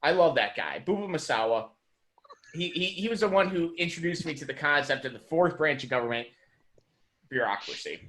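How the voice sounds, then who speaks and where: An animated man whose voice rises and falls a lot, sitting a little high. He argues emphatically in a casual podcast chat and drops a curse word for emphasis. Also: brisk. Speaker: podcast co-host.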